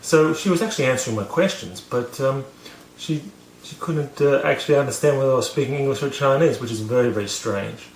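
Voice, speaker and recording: A man's voice: medium pitch, fairly quick, few pauses, echoey room, slight background noise. A man casually telling a story to camera, rambling with many fillers and restarts, poking fun at himself. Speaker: vlogger teaching about learning.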